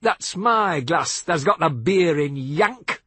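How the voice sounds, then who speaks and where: A man's voice: fairly high pitch, expressive, takes it slowly, sharp tone, breathy edge, no room sound, voice pushed up, heavily acted. A man voicing a drunk, bullying young farm lad who talks in blunt, belligerent northern dialect.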